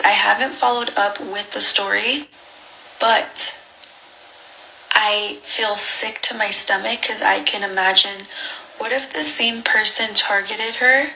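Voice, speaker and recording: A woman's voice: medium pitch, vocal fry, a little hiss or hum, low-quality recording. A young woman telling a personal travel story to her viewers in a casual way, acting out the lines of the people in it. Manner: animated, acts out dialogue.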